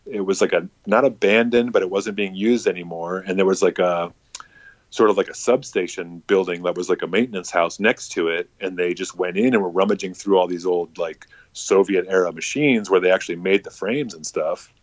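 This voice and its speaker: A man with a somewhat low voice tells a loose, rambling story in casual chat, swearing freely and filling gaps with "like." The sound is dry and a little dull and lo-fi. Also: brisk, dry recording. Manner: rambling, profane, heavy on filler words.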